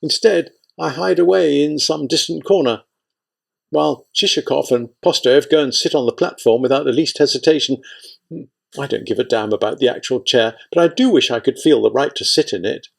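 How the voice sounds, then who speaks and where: A proud, insecure scientist husband in an audiobook, read by a man. He sounds irritable and self-pitying, with a gravelly edge to his voice. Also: medium pitch, moderate pace, voice pushed up. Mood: brooding. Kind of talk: audiobook reading.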